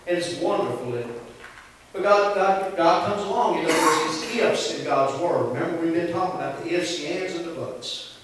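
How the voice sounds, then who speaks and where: Southern male pastor, slightly high voice, chatty preaching style, recorded far off with faint hiss. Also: normal speed, a bit bright. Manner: folksy, conversational preaching with call-and-response. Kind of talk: sermon. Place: church sanctuary. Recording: echoey church hall from far off, faint hiss.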